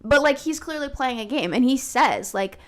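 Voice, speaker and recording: A woman co-hosting a podcast in casual chat, talking with lots of fillers and animated retellings. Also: high-pitched, moderate pace. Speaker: podcast co-host.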